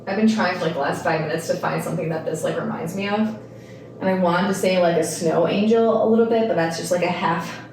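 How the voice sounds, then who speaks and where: A woman instructor guiding a yoga class, calmly cueing breath and movement with casual, rambling asides. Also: on the high side, slight background noise. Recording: echoey room, mic at a distance.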